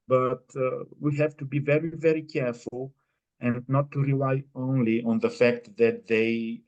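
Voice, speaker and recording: A man presenting at a conference, answering an audience question in a measured, explanatory way with many pauses. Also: mid-range voice, a little mellow. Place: conference room. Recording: dull lo-fi recording.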